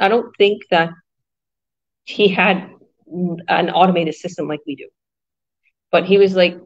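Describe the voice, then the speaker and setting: A woman's voice: mid-range voice, no echo, highs cut off. A woman business coach talking energetically in a casual group chat, rambling with fillers and restarts. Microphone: video call.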